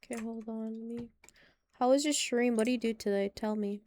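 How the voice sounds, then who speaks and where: A woman streaming a game, chatting casually and getting excitable, repeating exclamations and humming to herself. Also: on the high side, brisk, heavy background noise. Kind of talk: casual gaming stream chat.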